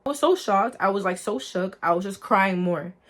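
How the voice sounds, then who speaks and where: Talking straight to her viewers, whom she calls guys, a young woman recounts her faith testimony in a casual, earnest, lively way. Her voice is mid-range and her pace moderate.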